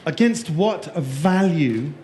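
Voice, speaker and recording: A man's voice: fairly high pitch, expressive, slow, mellow. A man giving a conference keynote, jokey and playful, quizzing the live audience in the room. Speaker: keynote speaker. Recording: echoey room.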